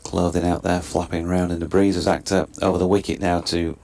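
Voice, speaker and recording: A man giving live ball-by-ball cricket commentary in a steady, wry way as the lead commentator. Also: low-pitched, brisk, slight background noise. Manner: steady, wry, describes play and scene.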